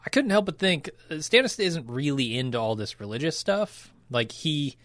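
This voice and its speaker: A man co-hosting a podcast, recapping an episode in casual chat, wry and quick to laugh. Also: fairly high pitch, very animated, fairly bright tone, no room sound. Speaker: podcast co-host.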